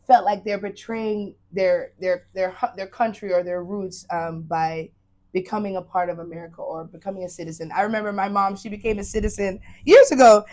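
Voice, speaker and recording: A woman hosting an interview, asking eager questions with many restarts and quick affirmations. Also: mid-range voice, fairly even intonation, darkish tone. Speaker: host. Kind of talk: interview conversation.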